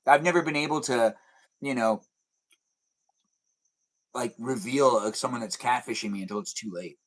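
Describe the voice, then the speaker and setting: A man's voice: medium pitch, normal speed. A young man hosting a casual live stream at home, rambling as he answers chat messages aloud. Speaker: livestream host. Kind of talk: casual livestream chat reading comments. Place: indoors at home with TV on behind.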